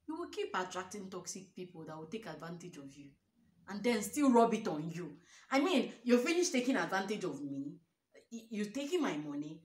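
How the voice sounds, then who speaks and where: A young Nigerian woman vlogging relationship advice, emphatic and preachy, firing off rhetorical questions. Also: mid-range voice. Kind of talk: storytime advice monologue. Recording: roomy echo.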